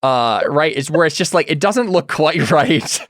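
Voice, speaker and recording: A man's voice: on the high side, animated, normal speed, a bit bright, dry recording. Guy running a tabletop game, lots of ums and likes, dry sound. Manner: rambling, filler-heavy describing. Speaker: game master.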